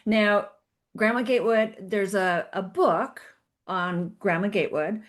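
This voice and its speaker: Woman podcast host, encouraging, medium pitch, asks and affirms. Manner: warm, encouraging questioner with quick affirmations. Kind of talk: interview conversation.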